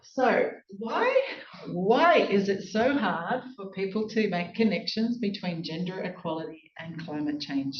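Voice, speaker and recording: A woman with a rural Australian accent giving an academic lecture as a law professor, earnest and thoughtful, with frequent fillers. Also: medium pitch. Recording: echoey hall, dull lo-fi sound, faint noise.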